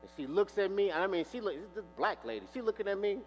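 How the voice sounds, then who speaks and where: A man's voice: high voice, quick pace, soft background music. A man preaching a sermon, telling stories and acting out the dialogue with animation. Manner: animated storyteller, acts out dialogue. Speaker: pastor. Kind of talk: sermon with storytelling. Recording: reverberant hall with faint mains hum.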